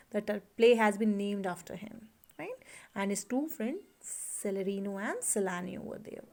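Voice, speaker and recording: A woman's voice: mid-range voice, darkish tone. A woman teacher with an Indian English accent, explaining a play line by line to a class and checking often that students follow. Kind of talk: classroom literature lesson.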